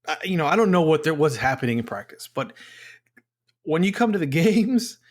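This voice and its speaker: A man's voice: on the high side, big pitch swings, moderate pace. A man co-hosting a sports podcast in casual chat, ranting in frustration with many restarts. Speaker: podcast co-host.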